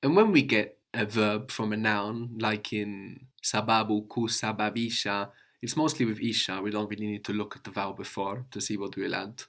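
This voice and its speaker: A man's voice: fairly low pitch, fairly even intonation, normal speed, a bit bright. A man teaching a language lesson, patiently explaining step by step and asking his student questions.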